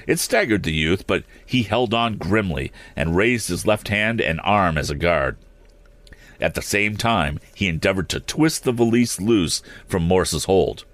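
A man narrating an adventure story aloud at a steady pace, with small slips that he corrects as he goes. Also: low-pitched, a little slow. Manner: steady reading with occasional slips and restarts. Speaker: audiobook reader.

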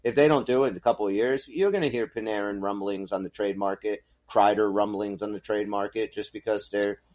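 Casual low-voiced man talking hockey. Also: steady tone, a little fast, darkish tone. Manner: casual, swears, laughs easily. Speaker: podcast co-host. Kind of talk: casual sports chat.

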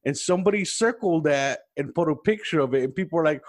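A man's voice: fairly high pitch, animated, quick pace, hardly any pauses. A man appearing as a podcast guest, chatting casually in a laid-back way, swearing and calling people "dude". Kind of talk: casual chat.

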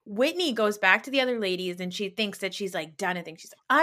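A woman's voice: medium pitch, sing-song, a little fast, hardly any pauses, pushed and bright. A woman hosting a podcast, chatting casually and bluntly about reality TV, swearing freely and acting out quotes. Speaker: podcast host. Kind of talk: casual chat recapping reality TV.

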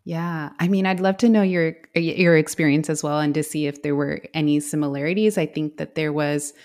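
A woman in her forties, raised in the United States, speaks as a guest in a conversational interview. Her voice sits low and somewhat dark, steady in tone and a little fast, and she reflects with many fillers and light laughs.

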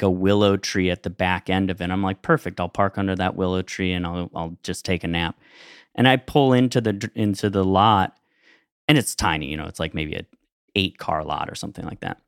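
A man's voice: fairly low pitch, smooth, dry recording, studio quality. A man co-hosting a podcast, telling a rambling anecdote in casual chat and laughing as he goes. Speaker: podcast co-host.

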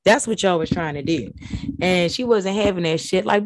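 A woman hosting a podcast, recapping reality TV in brash, profane, animated casual chat. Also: on the low side, moderate pace, no room sound. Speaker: podcast host.

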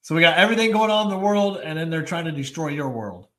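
A man co-hosting a live stream, chiming in with quick remarks and frequent laughs. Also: fairly high pitch, expressive, bright, forceful tone. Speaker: co-host. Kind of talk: casual live-stream chat.

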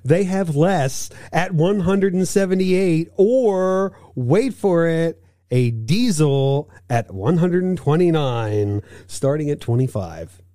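A man hosting a car podcast, with a lively, bouncing pitch and a mellow tone. He reads out news items in a casual chat and drops playful asides. The sound is dry and close. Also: slow, hardly any pauses, dry recording. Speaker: podcast co-host.

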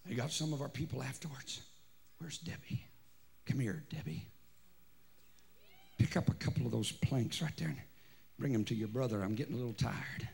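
A man preaching a revival sermon at a camp meeting, shouting with fervent energy. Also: mid-range voice, lively intonation, normal speed, gravelly, long pauses. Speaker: pastor. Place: large camp meeting gathering.

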